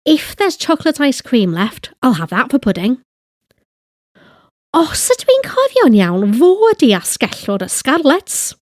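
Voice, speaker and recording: A woman giving a slow, deliberate grammar lesson, reading example phrases and translating them. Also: sits high, big pitch swings, no room sound, studio quality. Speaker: language teacher.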